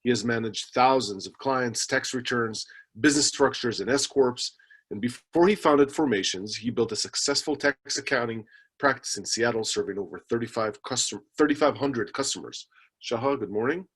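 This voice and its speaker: Guy hosting a webinar, reads the intro notes, mid pitch, some ums. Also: moderate pace, a bit bright, husky. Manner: reads announcements with fillers and small restarts. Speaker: webinar moderator.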